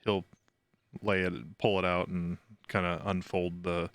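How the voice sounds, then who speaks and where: A man playing a tabletop role-playing game, talking in a relaxed, casual way. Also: low voice, a little slow, no echo, studio quality. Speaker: player.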